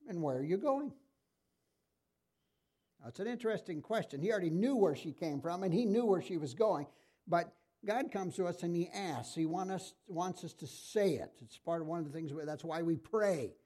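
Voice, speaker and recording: A man's voice: fairly high pitch, dark tone. A middle-aged man preaching a sermon in a conversational way, asking his congregation questions.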